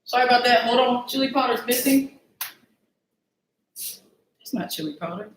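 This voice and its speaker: A woman's voice: fairly high pitch, moderate pace, roomy sound, slight background noise. A woman hosting a casual live cooking stream, chatty and self-mocking as she talks to her viewers from a home kitchen. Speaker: cooking show host.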